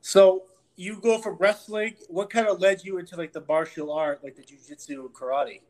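Host guy, high voice, short easy questions. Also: fairly even intonation, normal speed, darkish tone, rough recording. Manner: brief, casual questions. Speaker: podcast host. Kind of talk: interview questions.

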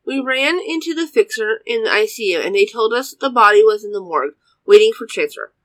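A woman's voice: a little high, animated, a little fast, a bit bright, no room sound, rough recording. A woman reading her own first-person story aloud, plainly and with occasional slips.

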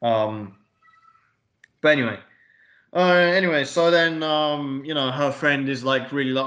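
A man's voice: a little high, a little slow, long pauses, fairly bright tone, dull audio. A man co-hosting a podcast in casual film review chat. He rambles and swears a lot, with plenty of fillers. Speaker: podcast co-host. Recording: echoey room.

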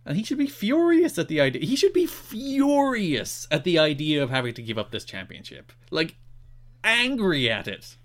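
A man with a fairly high voice co-hosts a casual podcast chat. He rants with exasperation, and his pitch swings widely as he talks. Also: normal speed. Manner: animated, exasperated ranting. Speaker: podcast co-host.

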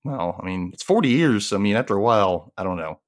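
A man's voice: fairly low pitch, animated, fast. A man co-hosting a casual book-recap chat, retelling the plot loosely with lots of "like" and "you know.". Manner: loose, filler-heavy retelling with frequent laughs. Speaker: podcast co-host.

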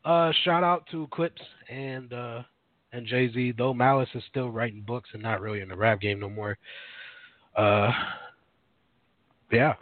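A man's voice: mid-range voice, steady tone, unhurried, long pauses, no room sound. A man co-hosting a casual radio show, rambling with lots of fillers and self-corrections. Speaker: podcast co-host. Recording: dry, phone-like narrow sound.

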